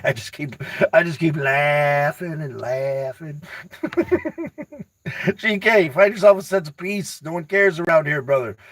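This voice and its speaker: A man with a somewhat high voice hosts a casual livestream, reading comments aloud and answering viewers by name. He talks excitably and rambles, often repeating himself as he gives motivational talk. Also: dry recording, poor audio. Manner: addresses viewers by name, teasing. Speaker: livestream host reading chat.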